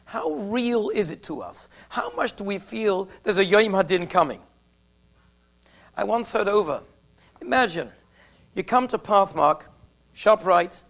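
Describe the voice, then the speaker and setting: High raspy guy preaching, orthodox jewish english accent, tells stories with drawn-out emphasis. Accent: Orthodox Jewish English with Yiddish and Hebrew words. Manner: animated storyteller, slows down to stress verses. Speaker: rabbi giving a talk. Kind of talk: storytelling sermon.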